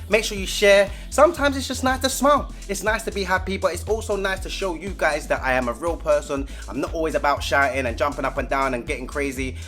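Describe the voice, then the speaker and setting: A young man with a London accent telling a comic story from his school days in loud, animated street slang. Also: mid-range voice. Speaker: vlogger.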